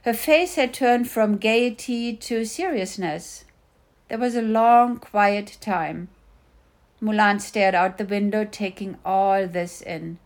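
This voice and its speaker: A woman's voice: medium pitch, takes it slowly. A middle-aged woman reading her own first-person memoir with dry, wry storytelling. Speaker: mother narrating a personal story.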